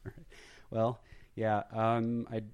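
A man with a fairly low voice hosts a casual podcast chat. He rambles a bit, jokes at his own expense and keeps things light. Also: completely flat delivery, takes it slowly, clean tone, dull audio. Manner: rambling, jokey, self-deprecating. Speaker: podcast co-host.

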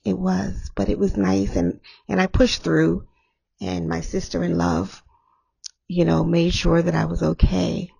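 Woman, hoarse gravelly voice, husky, slow candid podcast talk. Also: lowish voice, sing-song, mellow, muffled recording. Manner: candid, rambling, laughs often. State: hoarse after illness. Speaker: podcast host.

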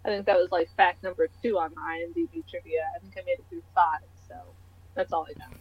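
A woman's voice: fairly low pitch, fast talker, breathy edge. A young woman chatting casually as a podcast co-host, rambling and poking fun at herself. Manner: chatty, self-deprecating, rambling with restarts. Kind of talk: casual chat. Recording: dull, dry lo-fi recording.

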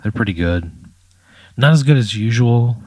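A man's voice: mid-range voice, lively intonation, moderate pace, a little mellow, breathy edge, no room sound. Casual, swearing male storyteller. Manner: casual, swears often, filler "like" and "you know". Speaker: podcast storyteller. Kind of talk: improvised hypothetical storytelling.

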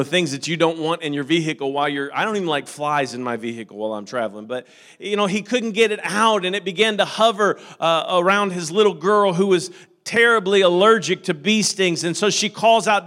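A man with a high voice preaching to a congregation. He tells stories quietly, stumbling and repeating words, then rises to loud, fervent calls. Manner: repeats words and restarts often while telling stories. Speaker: pastor. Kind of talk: sermon.

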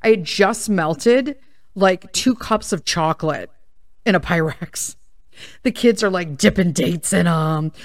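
A woman with a lowish, gravelly voice rambles through a story on her podcast. She swears freely and keeps the telling animated. The sound is close and dry, with no room around her. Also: measured pace, no room sound. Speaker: podcast host. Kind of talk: casual storytelling monologue.

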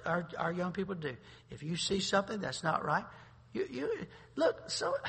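A man pastor preaching a sermon, swinging between loud bursts and quiet asides. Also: high voice, vocal fry, slightly rough. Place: church sanctuary. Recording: long reverb of a large hall.

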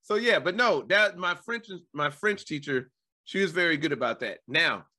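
A man's voice: a little high, lively intonation, moderate pace, bright, forceful tone. A man co-hosting a casual chat, telling stories in a playful, jokey way and laughing along. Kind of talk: casual chat, personal storytelling.

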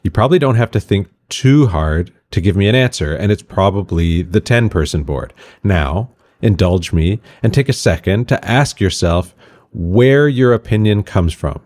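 A middle-aged man hosts a podcast in a casual scripted monologue. His voice sits very low, and he drops wry, sarcastic asides as he goes. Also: expressive, moderate pace, a little mellow. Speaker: podcast host.

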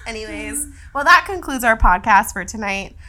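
A woman's voice: a little high, lively intonation, moderate pace, sharp tone, a little hiss or hum. A woman hosting a podcast, chatting casually and telling stories with frequent giggles. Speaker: podcast host.

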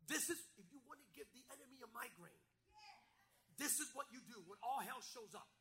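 A man's voice: very high voice, lively intonation, brisk, bright, forceful tone, rough recording. A man preaching a sermon, emphatic, with rhetorical questions and repeated phrases.

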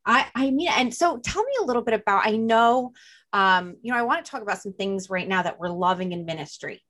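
A woman's voice: medium pitch, lively intonation, fairly quick, a bit bright. Female podcast host, New Jersey accent, casual and rambling. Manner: chatty, lots of "like" and "you know". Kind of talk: casual chat.

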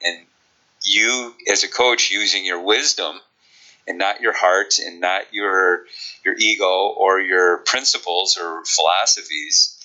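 Chicago guy coaching sprinters, talks easy with ums, bright edgy voice. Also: sits low, slow pace, lo-fi sound. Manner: relaxed, explanatory, many ums. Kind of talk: podcast interview.

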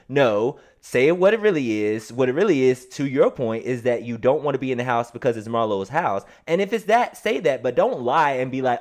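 A man's voice: mid-range voice, expressive, normal speed, few pauses. A man co-hosting a podcast, giving blunt, sassy opinions in a casual reality-TV recap. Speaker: podcast co-host.

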